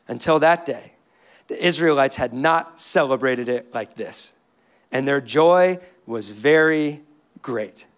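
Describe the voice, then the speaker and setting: A man preaching a sermon as a pastor, reading scripture and speaking with rising intensity. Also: fairly high pitch. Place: church sanctuary.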